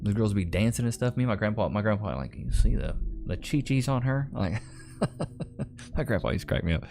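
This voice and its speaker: Laid-back texan guy on a stream, lowish voice, music faint behind. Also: expressive, fairly quick, gravelly. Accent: Texan Southern. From Northeast Texas. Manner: laid-back, drawling, reads viewer comments aloud. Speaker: streamer reading chat. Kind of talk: casual live-stream chat.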